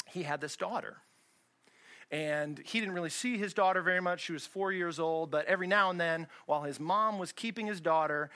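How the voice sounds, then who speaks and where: Guy pastor giving a sermon in church, chatty, lots of rhetorical questions, kinda high bright voice. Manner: conversational preaching with rhetorical questions.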